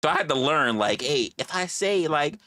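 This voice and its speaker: A man's voice: fairly high pitch, lively intonation, normal speed, bright, forceful tone, no echo, studio quality. A man hosting a livestream, talking casually in a rambling, profane way and repeating his phrases. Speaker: livestream host.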